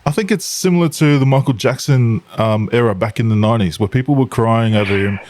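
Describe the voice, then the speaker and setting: A man hosting a casual podcast interview, easygoing and quick to laugh. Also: medium pitch, a little mellow, a little hiss or hum. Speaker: podcast host.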